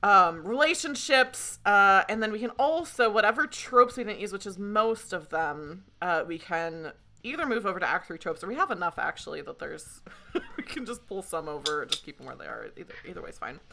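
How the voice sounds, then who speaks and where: A woman's voice: mid-range voice, expressive, normal speed, vocal fry, bright, forceful tone, a little hiss or hum. A young woman casually running a tabletop game, giggling and rambling with many fillers. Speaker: game facilitator.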